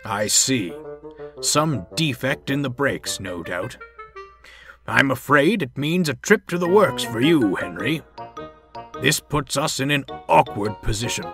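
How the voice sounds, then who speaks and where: A man voicing an authoritative, brisk railway boss who speaks decisively. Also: mid-range voice, lively intonation, vocal fry, a bit bright, faint music behind. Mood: commanding.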